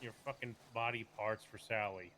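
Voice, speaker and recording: A man in an in-character roleplay, teasing the others with quick questions and a lot of swearing. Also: lowish voice, steady tone, bright, forceful tone, slight background noise, low-quality recording. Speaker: roleplay player.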